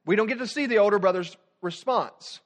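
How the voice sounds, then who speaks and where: A young man preaching a sermon as student pastor, animated, swinging from loud emphatic points to quiet soft passages. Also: sits high, fairly quick.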